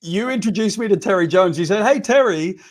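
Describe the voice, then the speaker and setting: A man's voice: high voice, quick pace. Teasing man from Wales. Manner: lively, teasing banter. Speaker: co-host. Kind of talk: casual chat, anecdote telling.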